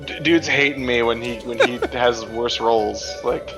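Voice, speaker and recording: Mid-pitched man griping and swearing at the table, music behind him. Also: unhurried. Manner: grumbling, swearing, defensive. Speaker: player. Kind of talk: tabletop game banter. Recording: background music.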